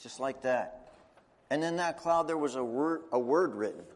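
Animated man telling a children's sermon. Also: mid-range voice, normal speed, in a large hall. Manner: animated, chatty, asks the audience questions. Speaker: preacher telling a children's story.

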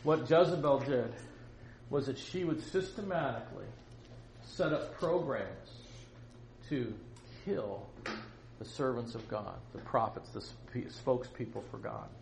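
Animated man teaching in an echoey room. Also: mid-range voice, a little slow, gravelly, slight background noise. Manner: animated storytelling, rhetorical questions. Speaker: Bible teacher. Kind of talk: teaching a Bible lesson to young students. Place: room with students. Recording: roomy echo.

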